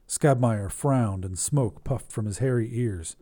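A man hosting a flash fiction podcast, reading the story in even, measured narration. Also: mid-range voice.

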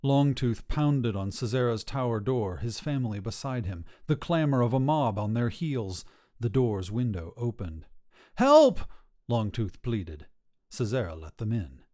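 A man narrating a dark fairy tale in a slow, hushed storybook telling. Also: mid-range voice.

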